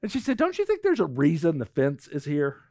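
A man's voice: on the high side, fairly quick, no echo, studio quality. A middle-aged male pastor telling a personal story in a sermon, acting out the lines of the people in it. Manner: animated storytelling, acts out quotes.

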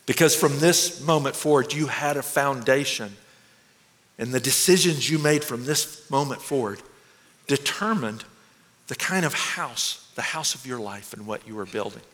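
A man voicing Jesus as gentle and loving, speaking quietly and tenderly. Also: medium pitch, moderate pace, voice pushed down, lightly acted. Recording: echoey hall.

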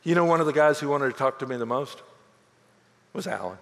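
A middle-aged man preaching a sermon as pastor, telling stories with lively quoted voices. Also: mid-range voice, brisk, big-room sound. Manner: animated storytelling with quoted voices.

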